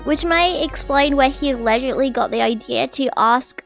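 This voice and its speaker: Woman, high voice, live streamer, reads article aloud, excitable outbursts, faint music behind. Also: moderate pace, gravelly. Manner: excitable, bursts into loud apologies and exclamations; chatty, breaks off reading to react to chat.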